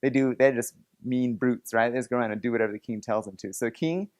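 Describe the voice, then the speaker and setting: A man's voice: mid-range voice, steady tone, quick pace, a little mellow. A man leading a playful object lesson for students in a classroom, coaxing and joking with volunteers. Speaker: teacher.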